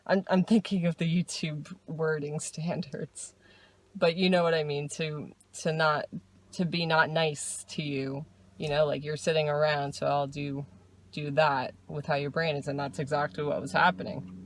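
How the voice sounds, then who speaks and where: Slow-talking woman vlogger, rambling. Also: deep voice, fairly even intonation. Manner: rambling and self-interrupting, laughs often. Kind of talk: casual personal diary vlog. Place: dark room at night.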